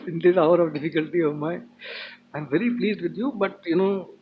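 A man's voice: fairly high pitch, fairly quick, noisy background, lightly acted. A man voicing a humbled male yaksha who earnestly thanks a friend. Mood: grateful. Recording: dull lo-fi with faint ambience.

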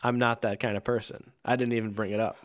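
A man co-hosting a casual podcast, reading a book aloud and joking with a dry, deadpan manner. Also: fairly low pitch, fast talker. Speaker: podcast co-host.

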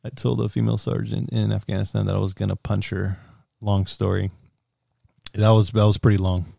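A man's voice: fairly low pitch, level tone, a little fast, vocal fry, dark tone, dry recording, clean studio sound. A young man co-hosting a casual podcast, swearing a lot and laughing often. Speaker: podcast co-host. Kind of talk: casual chat.

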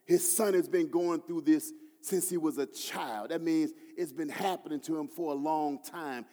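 A man preaching a sermon as pastor. He swings from hushed, low-voiced prayer quotes to loud, half-sung emphasis. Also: normal speed, in a large hall. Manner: preaching with rising, shouted emphasis and sung phrases; often drops to a low, hushed voice when quoting prayers.

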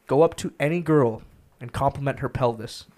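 A man's voice: medium pitch, normal speed, a little mellow. A young man co-hosting a podcast, telling joking anecdotes in casual chat. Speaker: podcast co-host.

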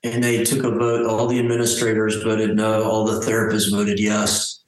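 A man telling his survival story as an interview guest, halting and restarting his phrases. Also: on the low side, monotone. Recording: very echoey room.

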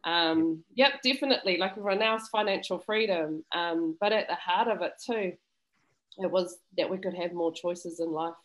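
A woman's voice: on the low side, moderate pace, fairly bright tone, low-quality recording. A woman speaking over a video call, giving an effusive, emotional and grateful testimonial in a heartfelt way. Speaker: student interviewee.

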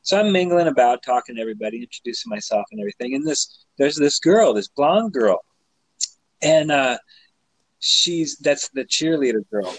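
A man's voice: medium pitch, normal speed, dry recording, rough recording. A man co-hosting a podcast, telling a rambling story full of fillers, swearing and laughter, a little drunk. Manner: rambling, many fillers, laughing, swearing, animated when retelling. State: tipsy. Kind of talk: casual storytelling chat.

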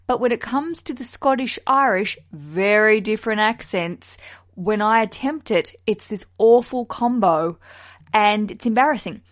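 Frank, expressive woman podcast host. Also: mid-range voice, unhurried. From Australia. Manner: expressive, frank, swears casually. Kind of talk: casual chat.

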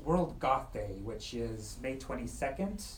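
Guy doing improv comedy, goofy rambling jokes, deep lively voice, roomy echo. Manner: playful, rambling, quick jokes. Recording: echoey room with faint hiss.

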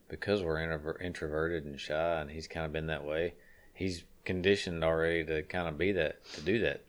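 Brief: low-voiced man, rambling storyteller, blunt and salty, acts out quotes. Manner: salty, frank talk. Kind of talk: casual chat.

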